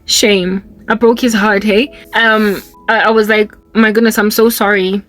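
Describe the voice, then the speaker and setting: A young South African woman telling a candid, rambling personal testimony with quick asides. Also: medium pitch, fairly even intonation, fairly bright tone, faint music behind. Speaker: Christian YouTuber.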